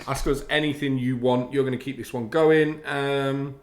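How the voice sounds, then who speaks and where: A man's voice: mid-range voice, steady tone, moderate pace. A man from Ireland co-hosting a live hobby stream, chatting casually, reading viewer comments aloud and laughing easily. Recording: roomy with faint background noise.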